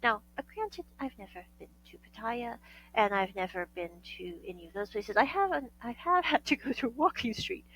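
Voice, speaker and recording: A chatty woman from the United States tells a story in a slightly high voice, laughing often as she acts out both sides of conversations. Her tone stays casual and storytelling. A faint hum sits under the recording. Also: lively intonation, normal speed, fairly bright tone, rough recording.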